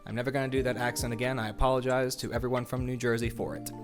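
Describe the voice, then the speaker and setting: A man's voice: mid-range voice, little pitch movement, rapid-fire, over music. A man hosting his own video channel, giving a casual, playful explainer full of jokey asides. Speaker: YouTube host. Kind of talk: casual explainer with a felt board.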